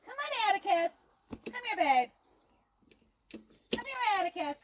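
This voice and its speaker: A woman's voice: extremely high pitch, animated, unhurried, long pauses. A woman outdoors in a goat yard, coaxing and calling the goats by name in a sing-song way. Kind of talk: coaxing animals on a farm. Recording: outdoor camera audio with farm noise.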